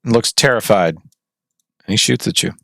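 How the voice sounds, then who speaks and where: Gravelly-voiced male game master. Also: lowish voice, measured pace, no echo. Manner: describes scenes and puts on short shouts for characters. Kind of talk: narrating a tabletop game.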